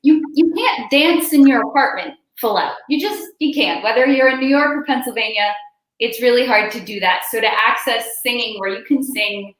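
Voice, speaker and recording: A young woman, a singer and dancer, chatting casually about her practice in quick bursts with "like" fillers, from home. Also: mid-range voice, fairly bright tone, reverberant, low-quality recording. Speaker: singer and dancer, concert performer. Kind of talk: casual interview chat. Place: at home during quarantine.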